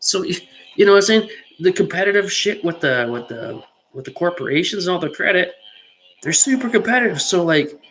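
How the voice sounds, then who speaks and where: A woman's voice: fairly low pitch, expressive, fairly quick, fairly bright tone, a little hiss or hum, rough recording. A woman hosting a podcast, ranting heatedly with lots of swearing and filler words. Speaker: podcast host. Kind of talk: profane rant on a podcast.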